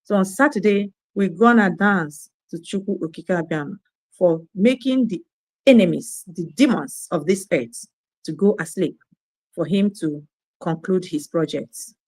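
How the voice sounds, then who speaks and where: A woman's voice: fairly low pitch, measured pace, a little mellow, no echo. A woman ranting in a scolding, preachy monologue, repeating her phrases. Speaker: online commentator.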